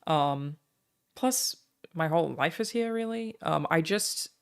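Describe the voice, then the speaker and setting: A woman from Australia, speaking, chats casually with her stream viewers, thanking them by name between stretches of talk with frequent "um" pauses. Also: deep voice, lively intonation, gravelly, clear, resonant tone.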